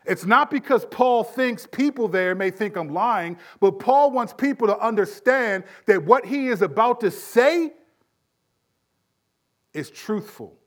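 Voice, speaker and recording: A man with a notably high-pitched voice teaches scripture in a relaxed, conversational sermon. He leans into emphatic phrases, then sinks his voice low and quiet when a point turns serious. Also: unhurried. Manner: conversational, emphatic, drops to hushed tones for weight. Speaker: preacher.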